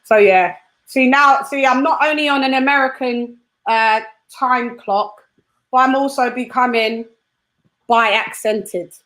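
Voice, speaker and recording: Bubbly chatty woman host, bright-pitched. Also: takes it slowly. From United Kingdom. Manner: bubbly, chatty, laughs often. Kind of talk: casual live-stream chat.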